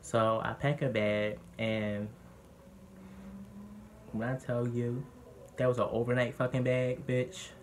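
A young man vlogging, candidly telling a personal story in a lively, animated way that gets heated when he quotes others. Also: mid-range voice, takes it slowly, long pauses, slight background noise.

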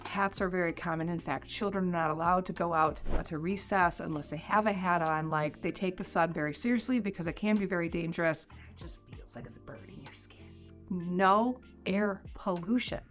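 A woman's voice: fairly low pitch, a little fast, few pauses. A middle-aged American woman vlogging tips on life abroad, in a rambling, chatty way full of "like". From United States. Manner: chatty, rambling, heavy use of "like". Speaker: vlogger giving tips on life in New Zealand. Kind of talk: casual talking-head vlog. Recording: faint music underneath.

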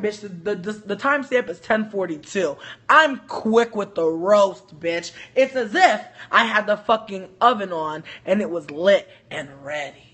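A woman telling a story on a casual livestream, animated, joking and profane. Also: mid-range voice, slightly rough. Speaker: livestream host.

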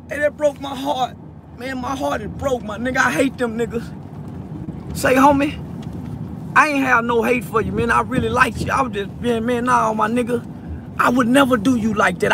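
A man's voice: extremely high pitch, noisy background. A tearful man speaking straight to camera in an emotional monologue, stammering through repeated words and pleading from the heart. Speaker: online personality addressing a peer.

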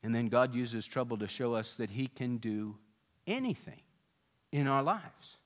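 Pastor, male, mid-pitched voice, storytelling sermon delivery, animates quoted speakers. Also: lively intonation, a little slow. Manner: storytelling, voicing quoted people with rising pitch and volume.

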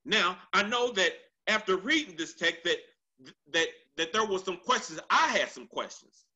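A man's voice: high-pitched, expressive, pushed and bright, lo-fi sound. A man preaching a Sunday sermon in church, repeating lines for emphasis and stretching out scripture quotes. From United States. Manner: drawn-out, swooping delivery on quoted scripture. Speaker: pastor. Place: church sanctuary. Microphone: handheld microphone.

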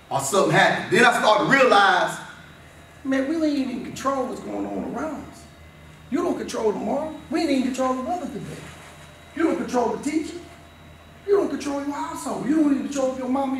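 High-voiced man giving a passionate pep talk. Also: lively intonation, a little fast, pauses often, a bit bright, a little hiss or hum. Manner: passionate, repetitive, talks straight to the players. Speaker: former player giving a motivational talk. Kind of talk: motivational speech to a football team. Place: school locker room. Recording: echoey room, picked up from a distance.

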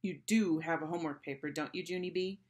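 Stern male schoolteacher, read by a woman, measured and probing; children's storybook. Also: fairly low pitch, a little mellow, close to an everyday voice. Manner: measured, pointed questions. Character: stern but patient male first-grade teacher.

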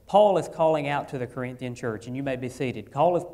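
A pastor delivers his sermon in a medium-pitched man's voice. He leans into key phrases with rising force, then settles back to a quieter, plain tone, often restarting his words as he goes. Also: fairly quick. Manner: earnest preaching, swells louder then drops low, with repeated restarts.

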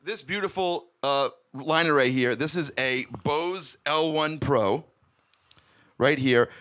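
A man's voice: on the high side, slow, a bit bright. Chatty man hosting a music stream. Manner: rambling, greets viewers by name from the chat. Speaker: musician hosting his own live stream. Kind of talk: casual live-stream chat. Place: home music room.

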